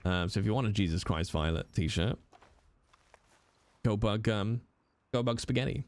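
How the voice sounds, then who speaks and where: A man's voice: on the low side, normal speed, dry recording. A man, chatting casually with viewers on a live stream, jokey and teasing, with the odd swear.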